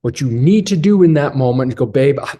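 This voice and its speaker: A man's voice: medium pitch, lively intonation, fast talker, dark tone. A man giving a blunt, direct motivational coaching talk to other men about relationships, speaking straight to his listeners as brothers.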